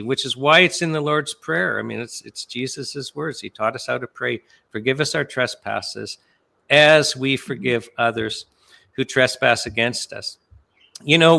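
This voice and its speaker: A man earnestly retelling a Bible parable on a talk show, telling it in an animated way. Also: mid-range voice, creaky.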